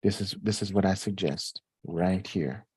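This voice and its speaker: A man hosting a live Q&A stream, talking in an animated, repetitive way and jumping up high in pitch when excited. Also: measured pace, slightly rough, dry recording, clean studio sound. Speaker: host.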